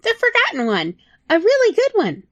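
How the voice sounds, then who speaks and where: A woman's voice: very high-pitched, wildly swooping pitch, normal speed, dry recording, lo-fi sound, pitched above the performer's own voice, full character voice. A woman voicing a small, cheeky rat that chatters in a matter-of-fact way. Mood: chatty. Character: cheeky, chatty little rat, high and squeaky.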